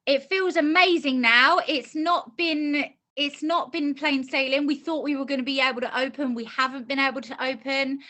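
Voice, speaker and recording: An earnest middle-aged woman talks at length in a casual interview. Her voice sits slightly high and sounds bright and forceful. She often doubles back and restarts her sentences as she works through her thoughts. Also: fairly even intonation, normal speed, few pauses. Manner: earnest, talkative storytelling with many restarts. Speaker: course graduate being interviewed.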